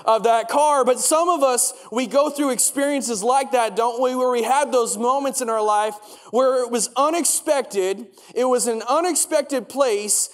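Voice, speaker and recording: A young man preaching a sermon, telling a story in a conversational way and asking the congregation questions. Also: very high-pitched. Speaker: pastor. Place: church. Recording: long church hall reverb.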